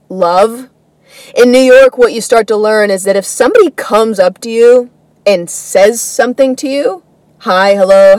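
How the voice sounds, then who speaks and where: A woman's voice: on the high side, a little mellow, no room sound, low-quality recording. A woman hosting a comedy podcast, telling a casual story in a rambling way full of fillers and swearing. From United States.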